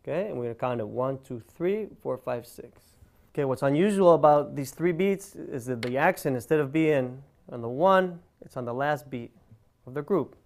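A man's voice: fairly high pitch, expressive, brisk, darkish tone. A man giving a guitar lesson, explaining step by step and counting beats aloud over his own guitar playing. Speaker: guitar teacher.

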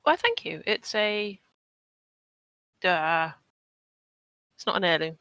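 Woman tabletop player, gracious in-character lines, low, bright voice, dry recording. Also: big pitch swings, takes it slowly, smooth, no room sound. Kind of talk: in-character tabletop role-play.

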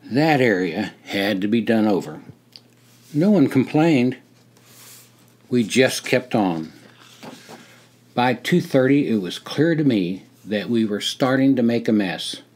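An older man reading his own memoir aloud in a measured storytelling way. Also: on the low side, expressive, a little mellow. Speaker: memoir narrator.

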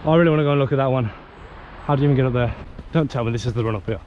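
A young man with a British accent, chatting excitedly as he vlogs at outdoor dirt jumps. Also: mid-range voice, racing, narrow, tinny audio. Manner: excitable, chatty, exclaiming often. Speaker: vlogger. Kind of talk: casual vlog chat. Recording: outdoor noise, nearby traffic.

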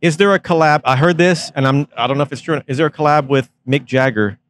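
A male radio host, excitable and gushing, rambling through questions in a casual backstage interview. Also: fairly high pitch, quick pace.

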